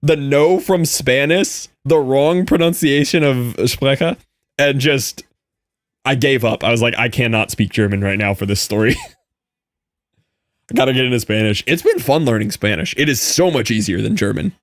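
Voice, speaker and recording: A young man chats on a stream and tells an animated story, often breaking into laughter. His voice sits at a middle pitch. The sound is close and dry, with no room echo. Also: measured pace. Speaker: Minecraft streamer. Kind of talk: casual live-stream chat with viewers.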